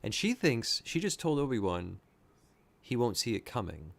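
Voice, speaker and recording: A man hosting a reaction video, excitedly thinking aloud and gushing as he watches. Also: mid-range voice, moderate pace, creaky. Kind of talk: casual reaction commentary.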